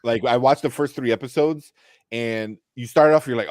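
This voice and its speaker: A man co-hosts a casual live chat show with a mid-range voice and a brisk pace, keeping things easygoing with plenty of fillers and agreeing asides. The recording is dry and studio quality.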